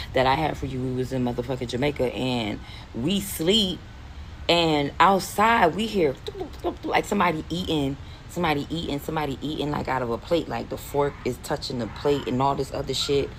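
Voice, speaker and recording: Forties woman from philly, really deep voice, swears a lot telling stories, faint hiss behind. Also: fairly quick, poor audio. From Philadelphia, US. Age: 40s. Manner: animated, profane, rambling. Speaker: storyteller. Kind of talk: casual storytime.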